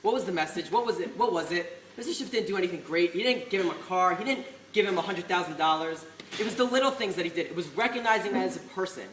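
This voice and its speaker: High-voiced young man giving an earnest speech. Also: fast talker, fairly bright tone. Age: young adult. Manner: earnest storytelling, frequent restarts and Hebrew study terms. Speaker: yeshiva student giving a farewell speech. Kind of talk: speech at a study celebration. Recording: echoey hall with faint noise.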